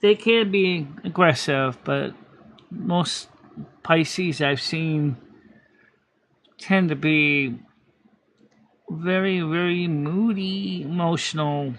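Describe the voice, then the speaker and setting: A man's voice: fairly high pitch, very slow, pauses often, a bit bright, dry recording. A man hosting a live stream in casual chat, rambling with many restarts and self-corrections.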